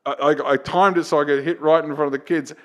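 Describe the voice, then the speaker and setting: A man appearing as a comedian guest on a laid-back podcast tells a profane story, his voice a little high and fast. The retelling builds until it's loud and excited.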